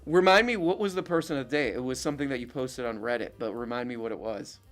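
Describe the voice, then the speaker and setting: A man's voice: medium pitch, fast, faint music behind. A man hosting a live call-in show, chatting casually with callers and laughing often.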